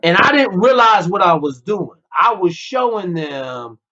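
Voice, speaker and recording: Here the ex-SEAL speaks high with big pitch swings, a little slowly, in a bright, forceful tone. As a podcast guest he tells his story bluntly and profanely, dramatizing the dialogue, and the casual interview's lo-fi audio is slightly dull.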